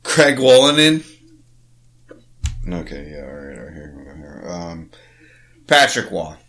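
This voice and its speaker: Deep-voiced rambling man on a podcast. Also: sing-song, unhurried, fairly bright tone. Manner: rambling, swears, reads names off a list. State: has the hiccups. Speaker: podcast co-host. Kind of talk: casual sports podcast chat.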